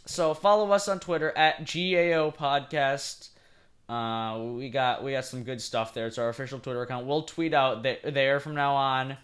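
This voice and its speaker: A man co-hosting a casual podcast chat, rambling and excitable, often restarting his sentences. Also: mid-range voice, moderate pace, clear, resonant tone. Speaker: podcast co-host.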